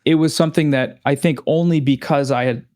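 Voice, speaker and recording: A man appearing as a guest, talking in an earnest, reflective, somewhat halting way in casual conversation. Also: fairly high pitch, fairly even intonation, a little mellow.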